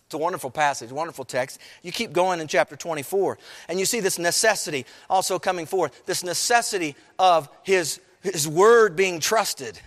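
A man preaching in a church, his voice pitched high for a man and carried by a long hall reverb. He moves from hushed, low lines up to raised, emphatic ones as he speaks to the congregation. It has the sound of a live sermon. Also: normal speed. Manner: preaching, rising and falling with emphasis, addresses the congregation. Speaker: pastor.

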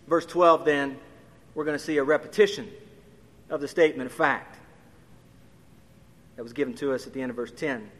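A man's voice: medium pitch, fairly even intonation, normal speed, pauses often, fairly bright tone. A man preaching an expository sermon, his voice rising emphatically on key questions. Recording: long hall reverb.

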